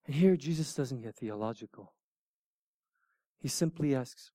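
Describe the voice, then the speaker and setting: A middle-aged man preaching a sermon, emphatic and animated at times, then dropping to soft, near-whispered words. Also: mid-range voice, a little slow, pauses often, dry recording, studio quality. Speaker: pastor.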